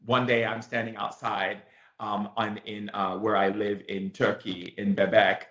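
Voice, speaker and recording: A man teaching through a story, animated and emphatic, repeating himself and leaning on fillers. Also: lowish voice, measured pace. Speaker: spiritual teacher, show host. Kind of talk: storytelling lesson. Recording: echoey room, dull sound.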